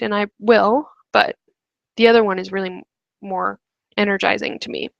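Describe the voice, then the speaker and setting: A woman's voice: mid-range voice, fairly even intonation, brisk, creaky, no room sound, muffled recording. A young woman hosting a webinar, talking casually to viewers and filling her speech with "like" and "um". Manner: chatty, many fillers like "like". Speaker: webinar host. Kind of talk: casual coaching talk.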